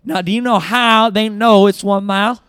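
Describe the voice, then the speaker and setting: A man's voice: high-pitched, steady tone, moderate pace, fairly bright tone, clear, resonant tone, dry recording. Man plays folksy rural hick, drawling, close dry sound.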